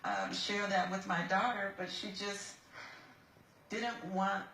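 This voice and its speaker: A woman testifying to a judge as a defendant, speaking earnestly in halting, repeated starts. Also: medium pitch, steady tone, vocal fry, bright, forceful tone, a little hiss or hum. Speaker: defendant in a TV courtroom. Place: TV courtroom studio. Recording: roomy courtroom sound.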